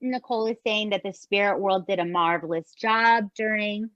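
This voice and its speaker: A woman co-hosting a podcast, chatting in an expressive way and often asking "right?". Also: mid-range voice, moderate pace, dry recording, lo-fi sound. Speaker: podcast co-host. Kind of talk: casual chat recapping a show.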